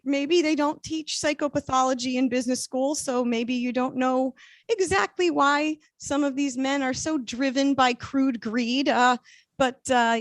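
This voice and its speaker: A woman comedian doing a deadpan, self-deprecating stand-up set on a video call, with filler-heavy pauses. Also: high voice, no echo.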